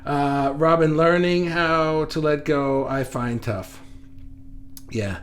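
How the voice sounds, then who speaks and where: A man hosting a casual live stream, reading viewer comments aloud and thinking out loud with many restarts, recorded indoors under studio lights. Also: fairly high pitch, slow pace. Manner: rambling, self-correcting, reflective. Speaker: livestream host. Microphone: facing camera, reading viewer comments.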